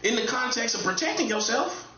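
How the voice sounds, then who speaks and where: A man speaking as a self-styled prophet in a casual, streetwise monologue. He is blunt and emphatic, repeats his phrases and swings between loud high bursts and low mutters. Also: very animated, fairly quick, a little hiss or hum. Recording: echoey room, dull lo-fi sound.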